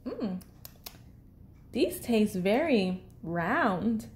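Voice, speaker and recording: A woman's voice: medium pitch, very animated, extremely slow. A woman voicing a fussy, picky young male bird in a storybook, making grudging, wry remarks.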